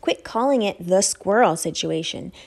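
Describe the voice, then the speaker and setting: A woman's voice: mid-range voice, lively intonation, normal speed, vocal fry. A woman doing an indignant, dramatic storybook girl. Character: fierce, dramatic, bookish young girl.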